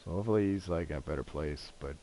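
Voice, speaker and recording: A man chatting casually on a gaming stream, telling a rambling, excitable story and swearing often. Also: low voice, very fast, slight background noise.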